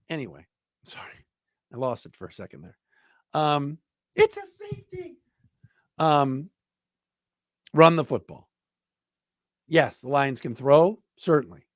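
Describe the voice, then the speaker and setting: A man's voice: medium pitch, dry recording. Blunt opinionated man, dry close mic. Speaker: podcast host. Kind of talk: solo sports podcast commentary.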